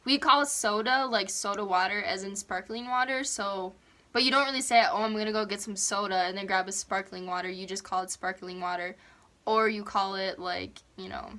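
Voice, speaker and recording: A woman's voice: mid-range voice, normal speed, bright, forceful tone. A young woman from Minnesota with a Minnesotan accent, chatting casually as a guest and laughing often. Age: young adult. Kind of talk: casual chat.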